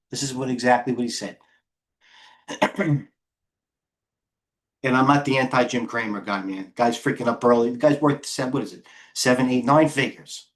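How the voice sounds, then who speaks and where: A middle-aged man, a head trader, giving blunt, rambling live commentary on stocks, often breaking off mid-sentence. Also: mid-range voice. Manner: blunt, rambling, self-interrupting market talk. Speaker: head trader and market coach. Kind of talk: live trading stream commentary.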